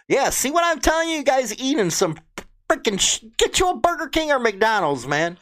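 This crude, indignant vlogger with a Chicago accent swears nonstop while reading news aloud and furiously ridiculing it. He speaks at a normal pace in a very high, sing-song voice that's a bit bright.

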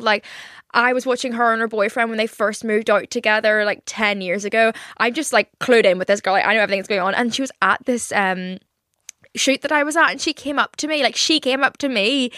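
A young woman hosting a podcast alone, rambling and self-mocking in casual chat, swearing freely and talking quickly in a studio. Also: a little high, fairly bright tone, dry recording. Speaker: podcast host. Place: recording studio.

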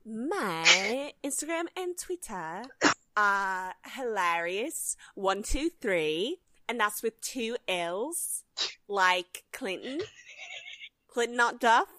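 A woman's voice: medium pitch, lively intonation, very slow, pushed and bright, dry recording. Brash, joking woman podcast co-host. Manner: brash, swears freely, jokey. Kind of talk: casual chat.

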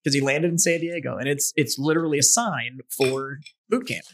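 A man with a fairly high voice trades teasing jabs in a relaxed podcast chat. His put-downs come quick and dry. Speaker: podcast co-host. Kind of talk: boozy casual chat.

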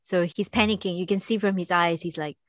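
A woman's voice: fairly low pitch, fairly even intonation, brisk, dry recording. A woman hosting a casual podcast, chatty and playful, laughing easily. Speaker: podcast host.

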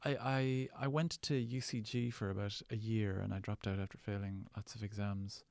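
A man's voice: lowish voice, steady tone, normal speed, gravelly, darkish tone, smooth, no room sound, studio quality. An Irish man, a guest actor and writer, telling rambling, wry, self-deprecating stories in a casual interview. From Ireland.

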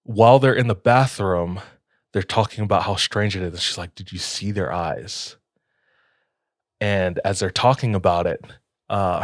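A man's voice: lowish voice, dry recording, studio quality. A young man casually telling a spooky story on a podcast, laid-back with lots of filler words.

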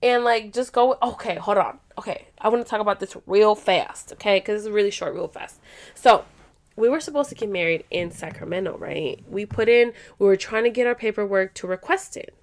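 A young adult woman vlogger casually telling a story to her viewers, animated and profane, acting out what people said. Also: medium pitch, fairly quick. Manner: animated and profane, acts out quotes.

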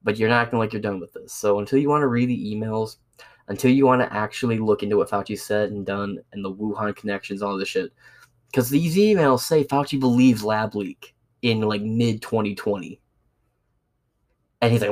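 Casual male host, profane, sarcastic, animated storyteller. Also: on the low side, fairly quick. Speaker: podcast host. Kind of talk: casual ranting monologue.

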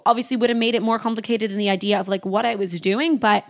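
A woman's voice: mid-range voice, fairly even intonation, fast talker. A young adult woman hosting a podcast, telling a personal story in a candid, chatty way, full of "like" and blunt asides. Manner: candid and chatty, heavy use of "like"; blunt, frank about awkward topics. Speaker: podcast host. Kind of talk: casual storytelling monologue.

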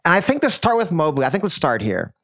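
A man's voice: a little high, huge pitch swings, fast, fairly bright tone, no room sound, studio quality. A man co-hosting a podcast, talking casually and with enthusiasm, building his points with stats and comparisons. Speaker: podcast co-host. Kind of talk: casual basketball chat.

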